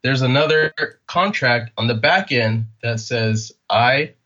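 A Californian man appearing as a podcast guest tells a story slowly in a casual interview, his voice mid-range. He's animated and acts out the dialogue he quotes. The recording's high frequencies are cut off.

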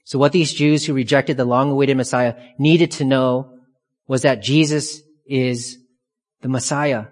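A man preaching an expository sermon, emphatic and deliberate, repeating key phrases for weight. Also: mid-range voice, steady tone. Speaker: pastor. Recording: long reverb of a large hall.

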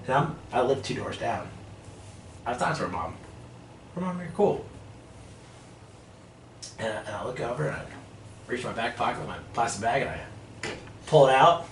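A man chatting casually, telling animated stories and laughing as he goes. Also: fairly low pitch, normal speed, pauses often. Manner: animated, laughs through stories, acts out voices. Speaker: podcast guest. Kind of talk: casual storytelling chat. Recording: echoey room, mic at a distance, faint noise.

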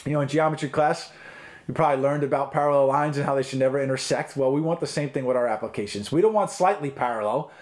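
A man's voice: medium pitch, fast talker. A middle-aged man teaching as a pastor in a recorded online talk, earnest and conversational, with frequent ums and restarts.

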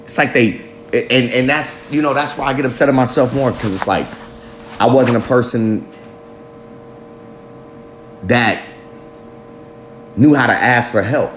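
A man's voice: medium pitch, unhurried, pauses often, fairly bright tone, a little hiss or hum. Profane rambling man in his thirties. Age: 30s. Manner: rambling, profane, self-mocking with frequent laughs. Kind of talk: candid confessional monologue.

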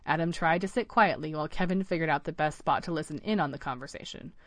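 Brief: woman storyteller, steady and lowish, dry close recording. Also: fast talker, dry recording. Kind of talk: scripted narration of a children's story.

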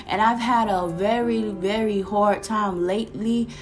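A woman from Florida with a Florida accent, giving a casual, animated faith talk to camera, slangy and quoting scripture. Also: medium pitch, unhurried. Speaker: Christian vlogger.

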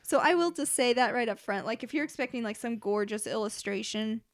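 A woman in her thirties co-hosting a podcast, chatting casually about children's books, animated and laughing often. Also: on the high side, brisk, no room sound, clean studio sound. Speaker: podcast co-host.

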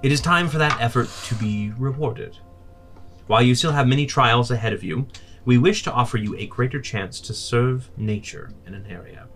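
A man's voice: mid-range voice, moderate pace, a bit bright, faint music behind, close to an everyday voice. A man voicing a stern female goddess who speaks formally and solemnly in a tabletop game. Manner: formal, ceremonial.

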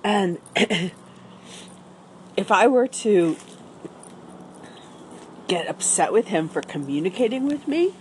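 A woman's voice: mid-range voice, sing-song, slow pace, pauses often, darkish tone, a little hiss or hum. A woman talking upbeat and rambling in a casual outdoor morning vlog, with an allergy cough. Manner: rambling and upbeat, with small restarts. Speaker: vlogger. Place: outdoors with dry leaves on the ground.

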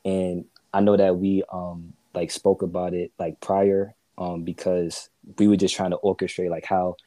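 A man co-hosting a faith podcast, asking questions and affirming his guest gently, with many fillers. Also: low voice, little pitch movement, moderate pace, dry recording. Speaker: co-host.

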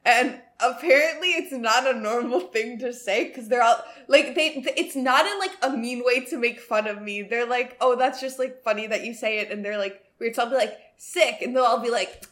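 A young woman chatting as a podcast co-host, her voice sitting a little high. She talks in an animated way, laughs often and swears freely. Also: normal speed, hardly any pauses. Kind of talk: casual chat.

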